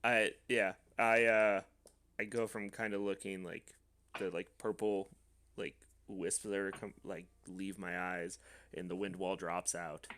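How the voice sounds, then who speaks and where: A man playing a tabletop game, talking quietly in a halting way. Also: sits low, little pitch movement, slight background noise. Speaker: player. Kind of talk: casual tabletop play.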